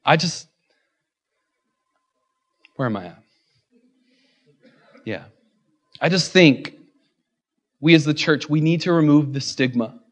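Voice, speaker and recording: High-voiced joking pastor preaching a sermon. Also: male voice, slow, pauses often. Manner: joking asides, building to impassioned repeated refrains. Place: church.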